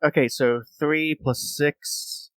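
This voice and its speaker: A man's voice: a little high, fairly even intonation, takes it slowly, no echo. A man playing in a tabletop role-playing game, eagerly talking through his dice rolls. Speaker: player. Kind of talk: casual tabletop play.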